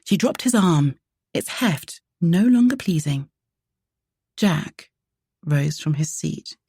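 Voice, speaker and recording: A woman narrating a romance audiobook in a measured, even way. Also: low voice, creaky, slightly rough, no echo, studio quality.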